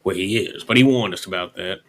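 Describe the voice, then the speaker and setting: Bright-voiced profane Western drawler. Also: male voice, deep voice, fairly quick. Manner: folksy, profane, persuasive. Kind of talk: in-character roleplay chat.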